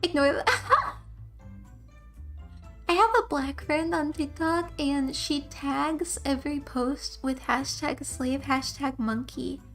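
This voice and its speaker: A woman's voice: high voice, slow pace, a bit bright, faint music behind. A young woman streamer who reads game text aloud and tells rambling stories between lines, laughing often. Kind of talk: casual game commentary and reading.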